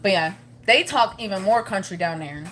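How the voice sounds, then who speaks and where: A woman's voice: medium pitch, expressive, normal speed, fairly bright tone, a little hiss or hum. A woman vlogging in a rambling, chatty way, laughing often as she talks to her viewers. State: pregnant, with morning sickness. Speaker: family vlogger. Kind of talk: casual chat to camera.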